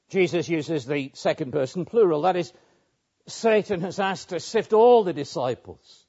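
A man preaching a measured expository sermon, with pauses and small restarts. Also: on the high side, a little mellow. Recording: muffled lo-fi sermon recording.

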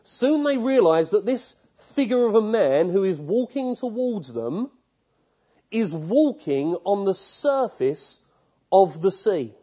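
A man's voice: high-pitched, very animated, slow, dark tone, husky, muffled recording. A man preaching a sermon, telling stories vividly and putting questions straight to his listeners.

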